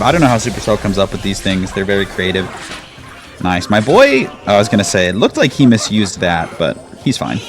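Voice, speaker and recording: A man giving casual, chatty commentary over his own gameplay, with a laid-back manner and lots of "like". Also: lowish voice. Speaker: gaming YouTuber. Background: game music.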